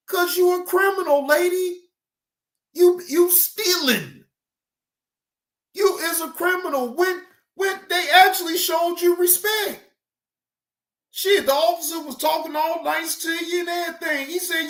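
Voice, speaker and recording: A woman hosting a reaction video, giving loud, profane, mocking comedic commentary and laughing often. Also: extremely high pitch, a little slow, echoey room.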